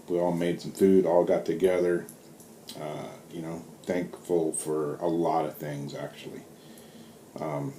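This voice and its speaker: A middle-aged man with a Southern US accent telling stories in a relaxed, rambling vlog, full of fillers. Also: a bass voice. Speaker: vlogger. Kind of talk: casual storytelling vlog. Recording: roomy with faint background hiss.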